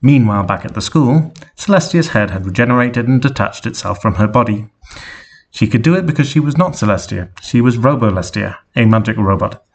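A man reading an absurd fan story aloud with deadpan narration. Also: medium pitch, brisk. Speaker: story reader.

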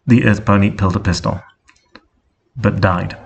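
A man narrating a story in a flat, deadpan reading. His voice is low and husky, with a gravelly rasp. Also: moderate pace. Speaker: reader.

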